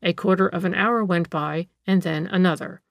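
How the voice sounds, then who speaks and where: A woman reading a classic detective story aloud as an audiobook narrator, in a measured, even storytelling manner. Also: lowish voice, creaky, no echo, studio quality.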